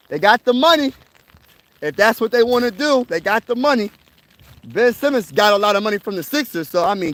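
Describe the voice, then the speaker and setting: A young man livestreaming casual sports talk while walking a snowy trail outdoors, excitable and slangy, repeating himself often. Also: high-pitched. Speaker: sports vlogger covering his city's teams.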